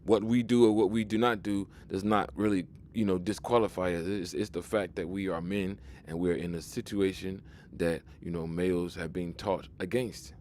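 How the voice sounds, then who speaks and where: His low, steady, slightly mellow voice comes at normal speed with few pauses, over a little hiss or hum. The video commentator rambles through a casual, preachy monologue, emphatically restarting and repeating words as he presses his point.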